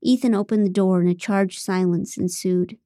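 A woman reading an audiobook aloud in the first person, even and wry in her delivery. Her voice is mellow and warm, never bright. It is recorded dry and close in a booth. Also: mid-range voice, normal speed, no echo. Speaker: audiobook narrator. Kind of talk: scripted narration.

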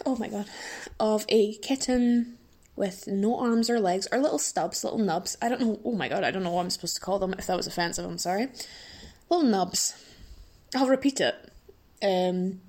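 A woman's voice: mid-range voice, darkish tone. A sleep-deprived woman in her twenties hosting a solo podcast, rambling through a casual rant with dramatic, self-mocking asides. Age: 20s. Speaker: podcast host.

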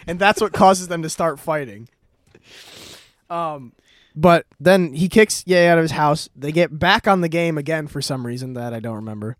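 A man's voice: fairly high pitch, moderate pace, dry recording, clean studio sound. A man casually retelling a plot in a rambling way, laughing often and swearing freely. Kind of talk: casual chat.

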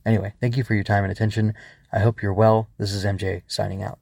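A male author hosting his own podcast, reading aloud and chatting in between with plenty of hesitant fillers. His voice sits low with a gravelly fry, and the recording is dry and close. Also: flat delivery, fast, darkish tone, dry recording. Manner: hesitant, filler-heavy asides. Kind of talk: story reading and podcast outro.

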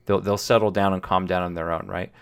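A young man with a lowish voice talks casually to his live chat, handing out dating advice. He is blunt and swears freely, speaking straight at the viewer. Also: flat delivery, fast talker, clear, resonant tone. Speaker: livestream host.

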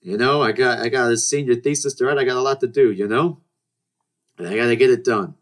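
A man's voice: mid-range voice, a little fast. A man in his twenties hosting a podcast, telling stories in a rambling, casual way with many restarts and acted-out dialogue. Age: 20s. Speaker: podcast host. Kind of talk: casual storytelling monologue.

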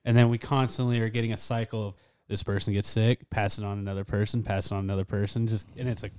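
Laid-back man with a smooth voice. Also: on the low side, little pitch movement, fast talker, darkish tone. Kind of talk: casual chat.

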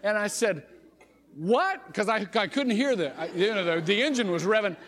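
A middle-aged man, a pastor, preaching a sermon by telling a personal story, animated and chuckling often, with frequent restarts. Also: sits high, a little fast. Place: church sanctuary. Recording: long reverb of a church hall.

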